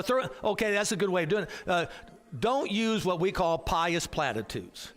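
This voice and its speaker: A man's voice: sits high, expressive, normal speed. A man teaching an adult Bible class in a casual, digressive way, with frequent restarts and fillers. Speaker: hospital chaplain.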